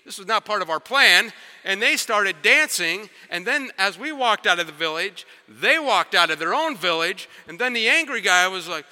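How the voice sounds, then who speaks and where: A man preaching a sermon as a story, animated and talking straight to the crowd, then dropping to quiet intensity. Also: sits high, normal speed. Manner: animated, acts out quotes and sounds, drops to quiet intensity. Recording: long hall reverb.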